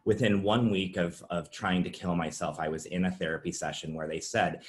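A man giving a halting personal testimony at a virtual summit, with many fillers and restarts. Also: sits low, fairly even intonation. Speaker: presenter sharing his story.

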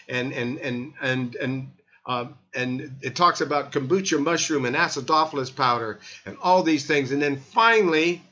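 A man's voice: medium pitch, bright, forceful tone, highs cut off. An older man hosting a health talk show, chatting casually and rambling with many restarts and fillers.

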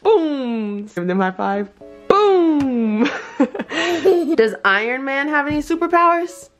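Twenties woman vlogger, bright playful mom voice, coaxing and giggly, soft music bed. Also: high voice, lively intonation, slow pace. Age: 20s. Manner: sing-song, coaxing, often laughing. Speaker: vlogger interviewing her toddler. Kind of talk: playful casual chat.

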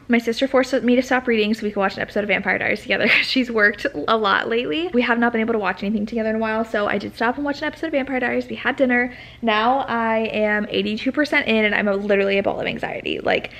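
A young woman chatting in a casual reading vlog, excitable and anxious, close to tears. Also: a little high, vocal fry. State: teary, close to crying. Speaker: book vlogger.

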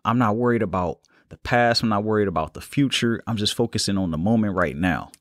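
A young man hosting a solo podcast, talking in a calm, unhurried, reflective way. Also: on the low side, dry recording, studio quality. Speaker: podcast host. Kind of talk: casual solo podcast talk.

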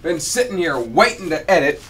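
A man's voice: a little high, sing-song, moderate pace, a bit bright, a little hiss or hum. A man, griping and rambling with stammers as he records commentary over his gameplay at home. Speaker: let's player. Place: home room with air conditioner.

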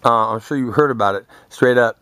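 A man's voice: mid-range voice, brisk, sharp tone, clean tone, no echo. Boastful, foul-mouthed young man ranting. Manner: boastful, crude and confrontational, swearing constantly. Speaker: vlogger. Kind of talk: profane rambling monologue to camera.

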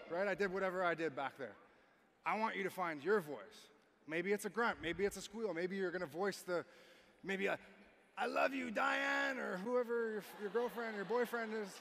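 A man in his thirties from Canada giving an energetic keynote talk on stage, coaxing the audience and building to shouts. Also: sits high, creaky. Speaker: motivational speaker. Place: large arena stage. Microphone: stage microphone. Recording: long arena reverb, faint noise.

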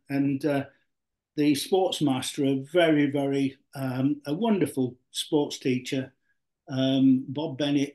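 In a mellow, slightly high voice, a former footballer from Yorkshire, England, now an older man, rambles through long stories during an interview, leaning on fillers and frequent restarts.

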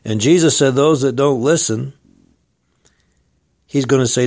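Male preacher, mid-pitched, gravelly, earnest and exhorting. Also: unhurried, darkish tone. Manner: earnest, exhorting, addresses listeners as friend and folks. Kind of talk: sermon.

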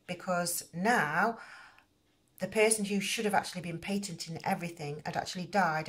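A middle-aged woman hosting a crochet channel, explaining at length in a rambling casual way with many fillers and restarts. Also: on the low side.

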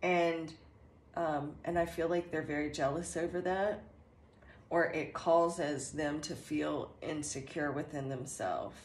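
A woman giving a channeled tarot reading in a slow, earnest way, meandering with many fillers and restarts. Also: deep voice, steady tone, slight background noise. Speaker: tarot reader. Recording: echoey room with faint ambience.

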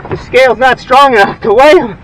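Breathless, excitable fishing man outdoors. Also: extremely high pitch, brisk, far from the mic, background noise. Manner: excitable, exclaiming, laughing often. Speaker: fishing channel host. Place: outdoors on a lake, in a boat.

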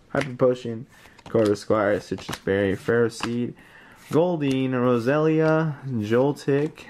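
A man giving casual unboxing commentary, reading card names aloud and getting excited over rare pulls, with words like bro and mate. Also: mid-range voice, slight background noise. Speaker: card collector opening booster packs.

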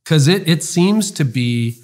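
A man's voice: fairly high pitch, expressive, measured pace, a little mellow. A man as podcast host, asking questions and affirming his guest. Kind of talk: casual interview.

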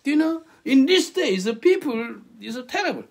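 Animated husky male preacher, high voice. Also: moderate pace, a little hiss or hum. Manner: animated, questions the listeners, broken English. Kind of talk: interactive sermon.

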